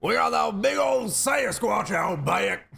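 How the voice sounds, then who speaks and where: A man's voice: sits high, animated, slow, gravelly, a bit bright, breathy edge, voice pushed up, exaggerated voice. A man voicing a rowdy backwoods man who swears he saw Bigfoot, hollering in folksy rural slang.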